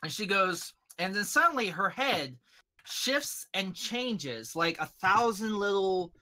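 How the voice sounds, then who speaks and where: A man narrating as game master of a tabletop game, lively and animated, putting on voices for his characters. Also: high-pitched, slow.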